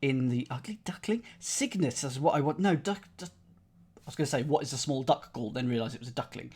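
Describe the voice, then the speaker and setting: A man's voice: mid-range voice, fast, darkish tone, husky. A man solving a crossword live on stream, thinking aloud in a playful, muttering way. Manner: playful, muttering to himself while reasoning.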